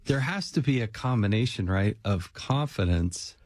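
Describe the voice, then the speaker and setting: A man hosting a casual interview, talking in a relaxed conversational way and asking short questions. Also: on the low side, moderate pace, no echo. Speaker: host.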